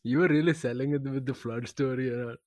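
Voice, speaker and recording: A young man co-hosting a casual podcast, relaxed, laughing often and giving short replies. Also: mid-range voice, fast, no echo. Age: young adult. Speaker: podcast co-host. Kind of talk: casual chat.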